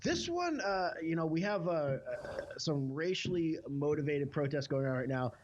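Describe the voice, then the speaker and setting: A man's voice: fairly high pitch, big pitch swings, moderate pace, slight background noise. A man co-hosting a podcast and telling a history story in a casual, rambling, jokey way, with lots of filler words. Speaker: podcast co-host. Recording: slightly muffled podcast audio.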